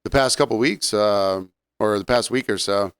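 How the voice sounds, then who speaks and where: A man co-hosting a casual podcast, a restaurant server telling relaxed anecdotes. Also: fairly low pitch, moderate pace, clean tone, no echo. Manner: relaxed anecdotes with fillers and laughs. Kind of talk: casual chat.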